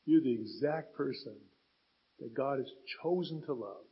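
A man's voice: medium pitch, animated, unhurried, vocal fry, breathy edge, lo-fi sound. A man preaching a sermon as a pastor, retelling scripture with dramatic rises and falls in emphasis.

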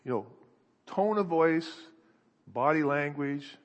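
Earnest male preacher, a bit high voice, thinks out loud, big hall echo. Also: expressive, slow pace, highs cut off. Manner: earnest, searching, thinking aloud with restarts. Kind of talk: sermon. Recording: echoey hall.

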